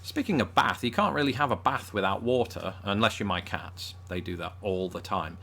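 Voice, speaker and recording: A man's voice: lowish voice, animated, normal speed, gravelly, a bit bright. A man with a northern English accent presenting a scripted video with dry, self-deprecating humour. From northern England. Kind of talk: scripted comedic commentary.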